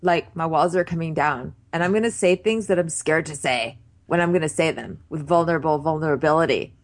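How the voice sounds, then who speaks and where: A woman's voice: low voice, brisk. A woman voicing a sincere young man who talks in a clumsy, earnest way.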